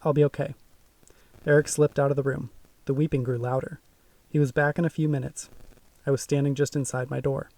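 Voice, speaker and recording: A man narrating a first-person audiobook in a measured, suspenseful way. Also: mid-range voice, level tone, a little mellow, no echo, far from the mic.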